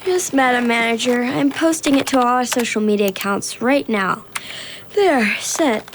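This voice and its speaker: A woman's voice: a little high, moderate pace, slight background noise, lightly acted. An actress playing a polite, anxious young assistant who hesitates when she is unsure, in a children's radio drama. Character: nervous, dutiful young woman assistant.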